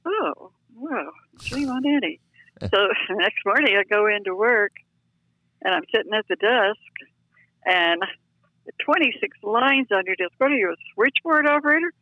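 An older woman telling lively, self-deprecating stories as a guest, heard over a phone line. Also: medium pitch, normal speed, dry recording. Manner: chatty, self-deprecating, animated. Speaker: guest storyteller. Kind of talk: anecdotal storytelling.

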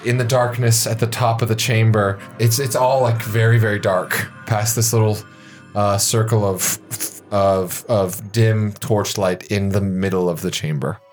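A man's voice: lowish voice, steady tone, unhurried, faint music behind. Man narrating as game master, hesitant. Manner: loose, hesitant descriptions full of fillers.

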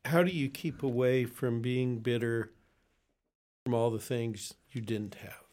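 A man co-hosting a faith talk show who asks gentle, measured questions of the guest. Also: medium pitch, steady tone.

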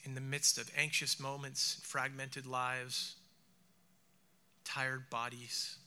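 A man preaching a reflective sermon who slows down and softens his voice for emphasis. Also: medium pitch, level tone. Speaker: speaker.

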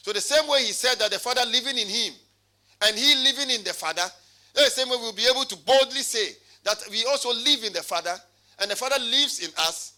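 Male pastor, sermon, call-and-response preaching, high voice, very bright tone. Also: fairly quick.

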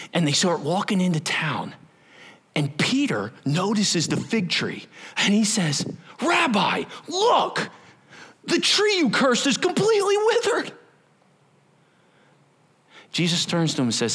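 Male pastor, high voice, lively swings in pitch, storytelling sermon. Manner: animated storytelling preacher, acting out scenes.

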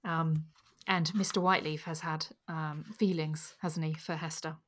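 A woman co-host chats casually about a novel, with plenty of fillers. Her voice sits a little low. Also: level tone, measured pace. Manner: chatty, with fillers. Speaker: podcast co-host. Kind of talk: casual book discussion.

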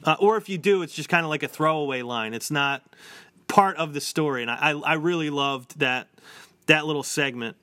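Here a male podcast co-host makes casual conversation, chatty and riddled with fillers and restarts. He speaks at normal speed in a higher, sharp-toned voice, and the recording is dry.

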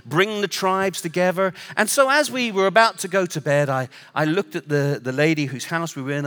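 A man's voice: fairly high pitch, fairly bright tone. A man from Northern Ireland with an English accent, preaching a sermon with humorous, self-deprecating stories. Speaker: guest preacher. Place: church auditorium. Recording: long hall reverb.

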